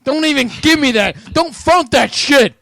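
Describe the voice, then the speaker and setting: A man hosting a casual gaming chat show, ranting with heavy swearing and sudden shouts. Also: very high voice, expressive, moderate pace, vocal fry, no room sound, studio quality. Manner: profane ranting, swinging from shouts to mutters. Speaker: podcast host.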